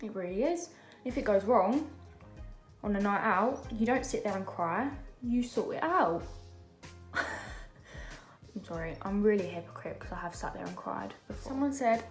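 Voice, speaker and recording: A woman's voice: mid-range voice, animated, moderate pace, pauses often, echoey room, faint music behind. Chatty young woman doing makeup. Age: young adult. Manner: chatty, rambling, many fillers and asides. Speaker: beauty vlogger. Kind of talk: casual chat while doing makeup. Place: home during lockdown.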